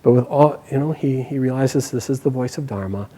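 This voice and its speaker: A man telling an old epic in a relaxed, conversational way. His voice swings between quick, raised bursts of excitement and low, hushed asides when he quotes the characters. He often restarts phrases as he builds the tale. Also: breathy edge, low-quality recording. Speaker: storyteller. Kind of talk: casual oral storytelling.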